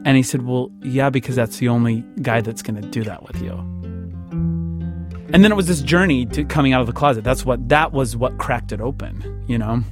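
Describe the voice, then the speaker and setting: A man's voice: medium pitch, brisk, over music. A man recounting a personal story with lots of stammers and repeated words, acting out what others said. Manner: stammers and repeats words, acts out quoted voices. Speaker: interviewee telling a personal story. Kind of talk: emotional first-person storytelling. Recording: dry close studio sound.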